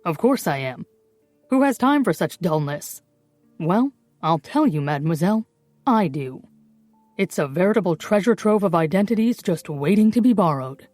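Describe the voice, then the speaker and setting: A woman voicing a brisk, clever male forger who talks down to people in a dry, condescending way. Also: fairly low pitch, expressive, a little mellow, no room sound, soft background music, natural voice.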